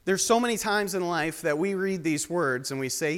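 A young man with a high voice delivers a sermon in a storytelling way, joking with the congregation. His voice rings out with the long reverb of a large church hall. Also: lively intonation, normal speed, a bit bright, clear, resonant tone. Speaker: guest preacher. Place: church sanctuary.

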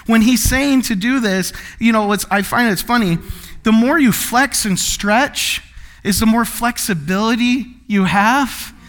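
A man's voice: high-pitched, measured pace, a bit bright. A man pastor preaching a sermon in a playful way, acting out comic voices and laughing often between points.

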